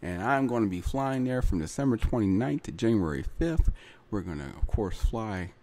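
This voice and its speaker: A man's voice: lowish voice, expressive, normal speed, dark tone. A man hosting his own podcast, talking in a chatty solo monologue full of repeats and asides like "right?" and "you know". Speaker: podcast host.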